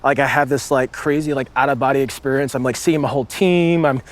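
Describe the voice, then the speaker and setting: A man in his late thirties, a former marine sniper, telling a story in casual conversation, rambling with lots of "like" and acting out shouts. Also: medium pitch, fairly even intonation, fast talker. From United States. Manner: rambling, with many "like" fillers and vivid acted-out shouts.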